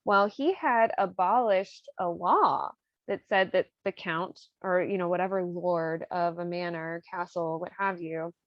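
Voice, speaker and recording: A woman's voice: fairly low pitch, unhurried, no room sound. Young woman hosting a chatty podcast. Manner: chatty and irreverent, with slang and swearing. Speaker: podcast host. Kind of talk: casual storytelling recap. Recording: dry, slightly dull lo-fi sound.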